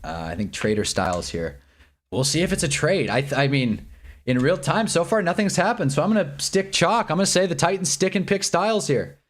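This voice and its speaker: A man hosting a live reaction stream, talking in an excitable, rambling way and laughing often. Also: on the high side, a little fast.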